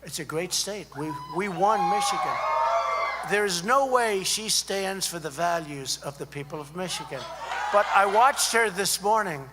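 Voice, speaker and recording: A man's high, expressive voice carries unhurriedly through an echoey hall with a slight hum as he addresses a student conference without a script. He rambles and repeats points, often turning aside to speak to the crowd.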